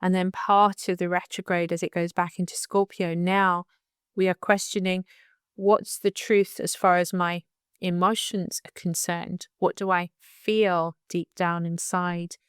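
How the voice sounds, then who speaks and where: A woman astrologer with a slight lisp, giving a calm and unhurried monthly forecast. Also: lowish voice, clean tone, no echo, studio quality. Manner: calm and unhurried, laughs at tricky numbers.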